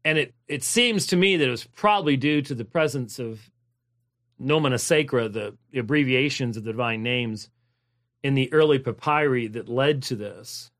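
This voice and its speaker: A man's voice: mid-range voice, normal speed, a bit bright. A man preaching a sermon, explaining a Bible passage in an emphatic, digressive way, with many fillers and restarts and key phrases repeated. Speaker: pastor. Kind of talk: sermon-style Bible exposition.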